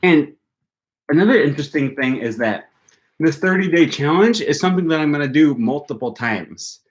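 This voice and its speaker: Chatting casually with livestream viewers, a young adult man hosting a language-learning channel thinks out loud, dropping many ums and likes. He's from Wisconsin and has the accent. His voice leans high and expressive, moving at a moderate pace.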